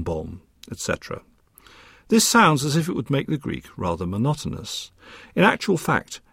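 Lively, scholarly male lecturer. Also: mid-range voice, gravelly, breathy edge, no room sound, studio quality. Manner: measured, precise and scholarly, with a lively rising and falling delivery. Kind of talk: recorded academic lecture.

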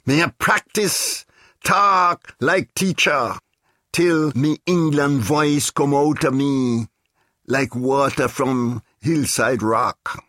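A man's voice: mid-range voice, slow pace, pushed and bright, no echo, clean studio sound. A man reading as a Caribbean man who proudly drills himself in a proper English voice, declaiming and mimicking posh phrases. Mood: proud, determined. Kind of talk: dramatic reading.

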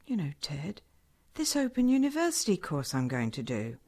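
An actress playing a middle-aged wife, defensive and determined. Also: female voice, sits low, wildly swooping pitch, moderate pace, dark tone, full character voice.

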